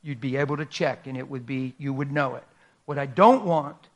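A man's voice: mid-range voice, normal speed. A man preaching a sermon as a pastor, telling a story in a dramatic, folksy and emphatic way.

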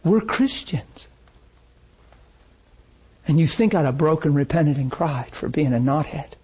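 A man's voice: a little high, fairly quick, husky, rough recording. A man preaching a sermon in a church, telling stories and acting out the voices in them. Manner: animated storytelling, acts out quoted voices. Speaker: pastor.

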